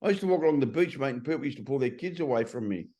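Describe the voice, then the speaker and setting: A man's voice: medium pitch, expressive, very fast, mellow. Blunt, swearing man. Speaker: guest, transformation coach. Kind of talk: casual interview talk.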